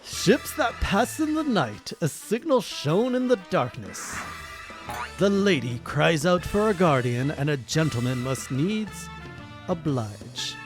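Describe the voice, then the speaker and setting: A streamer plays a self-important gentleman inspector who declaims every line. His delivery is flowery and theatrical, with a lively swing in pitch. Faint game music sits behind him. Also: takes it slowly. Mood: grandiose. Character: pompous gentleman inspector, grandiose.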